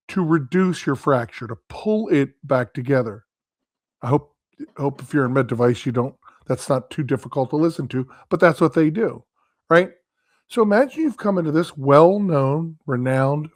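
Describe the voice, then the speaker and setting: A man's voice: fairly high pitch, no room sound, clean studio sound. A man, a guest expert, telling a long anecdote in a casual conversational way, acting out quoted dialogue and tagging points with "right?". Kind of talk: casual storytelling talk.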